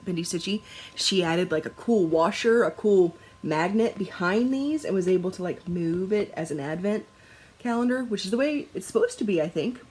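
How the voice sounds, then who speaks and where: Young female vlogger, husky, very animated pitch, laughs a lot, casual chatter. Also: normal speed. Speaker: cross-stitch vlogger.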